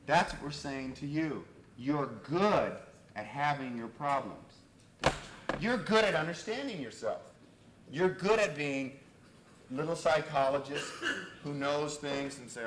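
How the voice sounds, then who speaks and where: A man giving a university lecture in an animated storytelling way, on an old reel-to-reel tape. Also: a little high, a little slow. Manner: animated, loud when acting out exchanges. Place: lecture hall. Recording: old reel-to-reel tape, echoey lecture hall, faint hiss.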